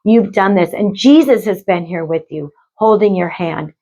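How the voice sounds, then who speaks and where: A woman giving an intuitive spiritual reading to her viewers, gentle and emotional, often calling them "you guys". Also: fairly low pitch, normal speed, creaky, poor audio. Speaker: spiritual reader.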